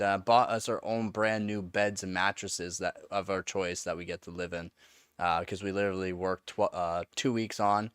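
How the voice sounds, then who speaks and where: A man's voice: fairly low pitch, a bit bright, clean tone, no echo, studio quality. A man chatting casually on a live stream, telling rambling stories with lots of fillers and laughter. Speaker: live streamer answering chat.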